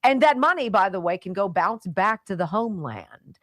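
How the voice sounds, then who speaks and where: A woman's voice: medium pitch, moderate pace, no echo. Emphatic woman talk radio host. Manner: animated and emphatic, mocking in mimicry. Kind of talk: opinionated talk radio monologue.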